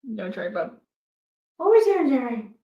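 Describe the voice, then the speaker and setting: A woman's voice: a little high, big pitch swings, moderate pace, highs cut off. A woman vlogging as a pet sitter, talking to dogs in playful baby talk and echoing their howls. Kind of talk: casual vlog chatter to pets. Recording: echoey room.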